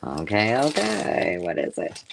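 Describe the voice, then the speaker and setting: Woman host for a live craft unboxing: gushing, chatty, very animated pitch. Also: a little slow, gravelly, background noise. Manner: gushing and effusive, chatty asides. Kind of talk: casual live-stream chat, unboxing mail.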